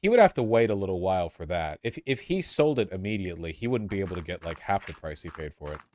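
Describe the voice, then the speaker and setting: Hesitant low-voiced man with stream opinions. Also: expressive, fast talker, a little mellow, a little hiss or hum. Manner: hesitant, restarts, hedging opinions. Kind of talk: casual livestream chat.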